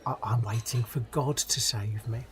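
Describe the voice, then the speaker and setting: A man's voice: mid-range voice, normal speed, fairly bright tone, natural voice. A man voicing a stubborn, pious old village woman with a British accent, speaking in prim, quavering refusals. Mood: primly refusing.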